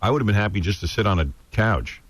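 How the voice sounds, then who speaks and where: A man hosting a radio show, chatting casually in the studio and acting out shouted conversations at a noisy party. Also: fairly low pitch, fast talker, no echo. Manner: mimics shouted party chatter, cupping ear. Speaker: radio host. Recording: music playing loudly behind.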